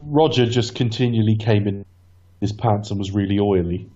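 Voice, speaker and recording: Low, mellow man, muffled audio. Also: normal speed. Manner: thoughtful, rambling, with restarts. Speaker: podcast co-host. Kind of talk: casual film commentary chat.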